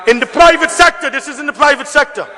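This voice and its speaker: A man giving an emphatic, repetitive budget debate speech in parliament, often rising to shouts. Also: extremely high pitch, quick pace. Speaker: member of parliament. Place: parliament chamber. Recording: long reverb of a debating chamber.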